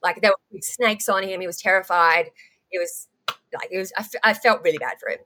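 A young woman with an Australian accent rattles through her story at a brisk clip. She keeps going with ums, restarts and quick asides, and her pitch sits in an ordinary middle range. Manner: animated, rapid recounting with frequent ums and restarts. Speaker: guest. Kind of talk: candid storytelling in conversation.

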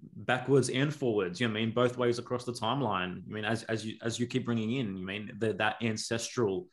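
A man's voice: lowish voice, a little fast. A man co-hosting a podcast, reflective and searching for words, often asking "you know what I mean". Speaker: podcast co-host. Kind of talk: reflective conversational talk.

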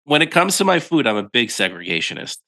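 A man's voice: medium pitch, very animated, quick pace, pushed and bright. A man co-hosting a podcast in casual chat, sounding nasal and congested from a cold, joking and reading a listener email aloud. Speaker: podcast co-host.

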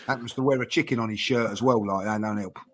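A man's voice: on the low side, fast. A man ranting animatedly about football in a casual chat, full of fillers. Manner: animated ranting, lots of "you know what I mean". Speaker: football fan guest.

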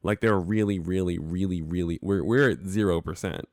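A man's voice: sits low, moderate pace, a little mellow, no room sound, clean studio sound. A man co-hosting a podcast in casual chat, emphatic and repeating words for stress. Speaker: podcast co-host.

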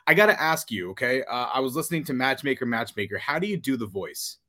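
A man's voice: medium pitch, expressive, fast talker, heavy background noise. A man hosting a podcast, playful and teasing with his guest. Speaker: podcast host. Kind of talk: casual podcast interview.

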